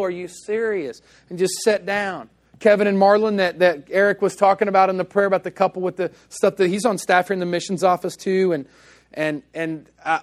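A man preaching in a church, his voice sitting a little higher than most men's. He tells his stories in a loose, conversational way, slipping into the voices of the people he quotes. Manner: casual storytelling, acting out quoted dialogue. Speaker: pastor. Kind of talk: sermon.

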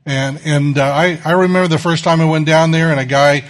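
A middle-aged man delivers a sermon in a voice that sits a little high. He speaks as a pastor, easygoing and conversational, leaning on self-deprecating stories to make his points. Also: steady tone, a little fast.

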